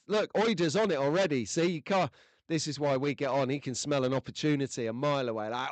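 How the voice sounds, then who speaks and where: A man's voice: mid-range voice, fast, no echo. A man hosting a casual livestream, chatting to viewers and reading their comments in a jokey, rambling way with lots of fillers. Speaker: livestream host. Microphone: desk microphone close to the face.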